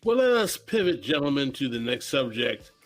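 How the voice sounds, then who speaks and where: A man's voice: mid-range voice, sing-song, moderate pace. A man hosting a podcast discussion, steering it to new topics and asking pointed questions. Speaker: podcast host. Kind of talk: casual discussion.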